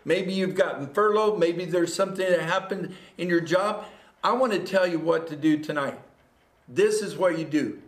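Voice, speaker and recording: This pastor has a high-pitched male voice and preaches at a moderate pace during a livestreamed sermon. Earnestly repeating phrases, he builds to exhortation, and the church room around him echoes.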